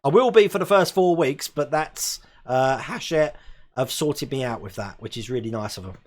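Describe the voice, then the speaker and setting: A man's voice: medium pitch, expressive, moderate pace. A man in his forties from England, hosting a live stream and chatting casually while reading viewer comments, laughing often. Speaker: host.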